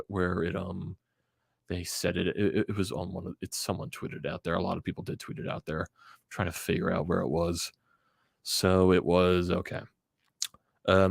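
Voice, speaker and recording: Gravelly, exasperated sports fan. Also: male voice, sits low, no echo, clean studio sound. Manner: exasperated, ranting with stammers and sighs. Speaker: sports channel host. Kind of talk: fan reaction vlog.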